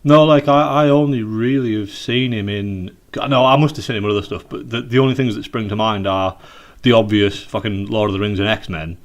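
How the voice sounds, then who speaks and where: A man's voice: fairly low pitch, fairly even intonation, fairly quick. A British man co-hosting a casual podcast over a video call, rambling and swearing, with many fillers and restarts. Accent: British English. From United Kingdom. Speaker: podcast co-host. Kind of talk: casual chat.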